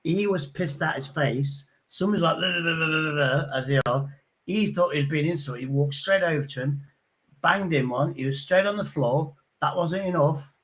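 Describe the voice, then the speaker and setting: A man hosting a casual chat, telling rough pub stories bluntly and acting out the voices of the people in them. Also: fairly high pitch, normal speed. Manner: blunt, sweary, acts out quoted voices.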